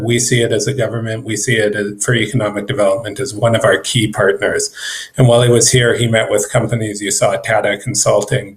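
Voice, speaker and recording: Low-voiced man giving conference remarks. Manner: conversational, with frequent fillers and restarts. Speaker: government trade representative. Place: virtual event.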